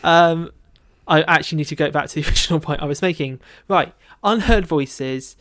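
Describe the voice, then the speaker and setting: A man's voice: on the high side, moderate pace, fairly bright tone. A man co-hosting a book podcast, chatting casually and animatedly, with plenty of filler words. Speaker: podcast co-host. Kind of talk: casual chat about a book.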